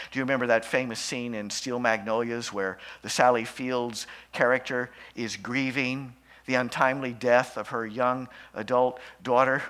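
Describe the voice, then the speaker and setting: A man's voice: a little high, pushed and bright. A male pastor preaching an emphatic sermon, telling stories to make his point.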